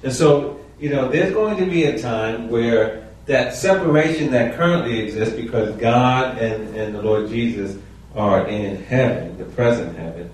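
A man's voice: medium pitch, unhurried, darkish tone. Man teaching Bible study in echoey room. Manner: conversational, asks the group questions. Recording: echoey room, mic far off.

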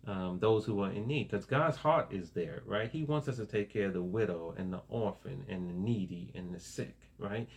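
A man's voice: on the low side, darkish tone. A man preaching a sermon in a casual, conversational way, often asking "right?" and laughing along with listeners. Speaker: pastor.

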